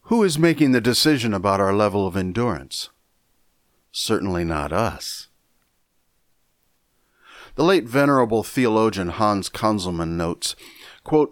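A man teaching a Bible lesson in a measured, deliberate way, often repeating a word as he thinks. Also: lowish voice, lively intonation, dry recording, clean studio sound. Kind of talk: sermon lesson.

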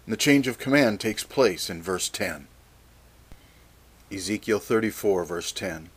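A man preaching a Bible teaching sermon, measured and deliberate, reading scripture passages aloud. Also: fairly low pitch, lively intonation, slightly rough.

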